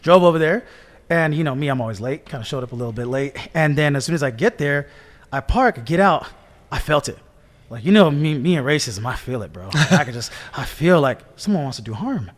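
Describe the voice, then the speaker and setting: A man's voice: a little high, brisk. A man telling a story in casual podcast chat, acting out the voices of the people in it. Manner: animated, acts out voices in his stories.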